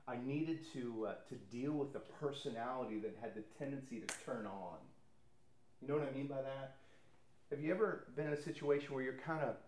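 A man's voice: medium pitch, a little mellow, a little hiss or hum. A man preaching a sermon, telling personal stories conversationally and acting out what other people said. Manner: conversational storytelling, acts out quoted people. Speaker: pastor. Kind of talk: sermon testimony. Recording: echoey room.

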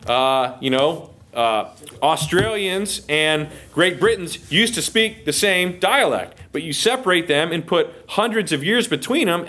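A man with an American accent teaching the Bible verse by verse, acting out the quotes and checking in with listeners. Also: a little high. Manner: animated, acts out quotes, asks listeners okay.

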